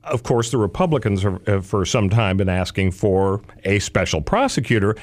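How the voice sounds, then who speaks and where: A man's voice: lowish voice, expressive, normal speed, darkish tone. Wry rambling male talk radio host.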